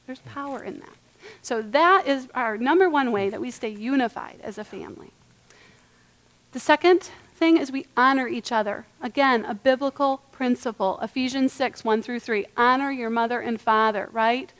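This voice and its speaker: Young woman, church parenting workshop, earnest, emphatic, slightly high voice. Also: normal speed, a bit bright. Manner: earnest, emphatic, asks the audience questions.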